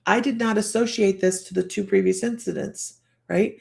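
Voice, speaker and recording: Gravelly-voiced chatty woman psychic. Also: medium pitch, fairly even intonation, brisk, a little mellow. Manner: chatty and rambling, often breaking into laughter; restarts and trails off while telling a story. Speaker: psychic host of a live stream. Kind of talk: casual personal storytelling on a livestream.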